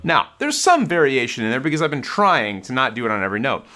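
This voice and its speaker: A man's voice: mid-range voice, huge pitch swings, fast. A man hosting a casual guitar lesson, explaining in a conversational way while demonstrating on his guitar. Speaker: guitar teacher and channel host.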